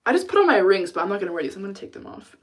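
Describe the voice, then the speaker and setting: A woman's voice: medium pitch, sing-song, racing. Chatty young woman livestreamer venting. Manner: chatty, swears freely, vents and answers chat. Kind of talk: casual livestream chat.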